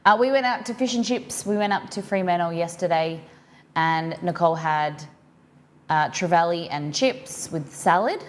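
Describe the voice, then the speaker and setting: A woman's voice: lowish voice, moderate pace. A woman with an Australian accent hosting a cooking live-stream, chatting with viewers and reading their comments aloud as she reacts.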